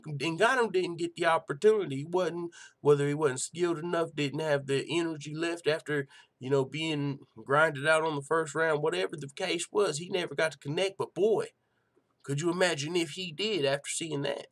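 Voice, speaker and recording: A man hosting a casual live-stream show and reading out chat, talking in a profane, excitable way full of rhetorical questions. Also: a little high, a little fast.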